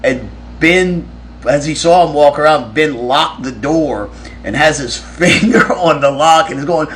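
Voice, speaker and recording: A man's voice: fairly high pitch, measured pace, fairly bright tone, a little hiss or hum. A man on a live stream, casually telling a rambling, profane story and answering fan questions. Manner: rambling, profane, with frequent restarts.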